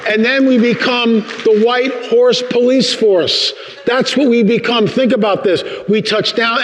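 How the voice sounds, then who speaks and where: An older man, visiting a church as guest speaker, tells stories through his sermon and voices the characters with big leaps in pitch. He's an animated storyteller, and the church hall gives the recording a long reverb.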